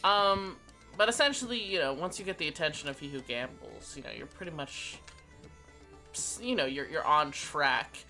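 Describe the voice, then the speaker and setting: A woman's voice: low-pitched, moderate pace, bright, forceful tone, faint music behind. A woman narrating as game master of a tabletop game, casual and hesitant, with lots of fillers.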